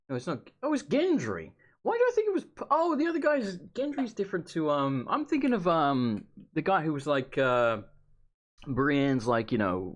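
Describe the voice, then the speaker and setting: Chatty, rambling male game commentator. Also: medium pitch. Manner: rambling and chatty, swearing, eating while talking. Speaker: let's play commentator. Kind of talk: casual gameplay commentary.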